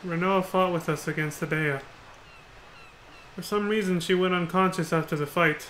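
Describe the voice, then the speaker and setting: A man's voice: high-pitched, fairly even intonation, moderate pace, fairly bright tone, a little hiss or hum, low-quality recording. A man voicing a reserved young male mercenary from a video game in short, subdued lines. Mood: regretful.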